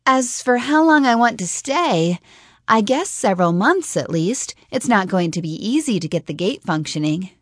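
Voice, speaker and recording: A woman's voice: medium pitch, animated, moderate pace, no room sound, clean studio sound, voice pushed up, lightly acted. A woman voicing an earnest, practical young woman in a fantasy audiobook, speaking in a reasoning, slightly unsure way. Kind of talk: audiobook character voice.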